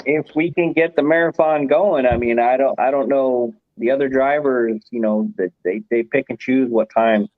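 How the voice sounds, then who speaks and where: A man's voice: mid-range voice, normal speed, few pauses, no echo. A man hosting a casual livestream chat, rambling along and chuckling often. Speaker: livestream host. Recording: dull, muffled stream audio.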